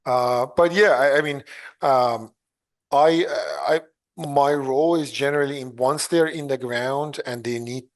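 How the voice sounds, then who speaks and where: A man's voice: medium pitch, measured pace. A man talking casually as a podcast guest, hesitant, with many fillers and restarts, chuckling as he tells stories. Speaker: podcast guest, clean energy engineer. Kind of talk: casual interview talk.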